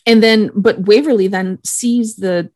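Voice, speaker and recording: A woman's voice: mid-range voice, a little slow, darkish tone, no echo, studio quality. A woman co-hosting a casual podcast, recapping a TV episode in a rambling way with lots of fillers and the odd swear word. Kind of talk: casual chat.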